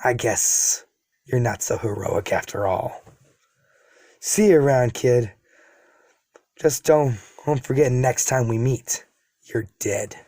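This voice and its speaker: A man voicing a scheming, resentful young male villain in a fan story, speaking low and slow with menace. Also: mellow, no room sound. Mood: taunting. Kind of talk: casual read-aloud of fan story.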